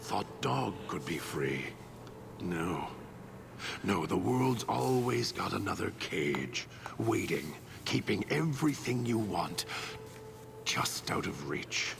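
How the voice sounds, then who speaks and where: An actor playing a bitter, hateful male super mutant alter ego in a video game, slow and seething, dropping into rasping whispers. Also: sits low, very animated, exaggerated voice. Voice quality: gravelly, slow and brooding. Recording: clear background noise in game audio.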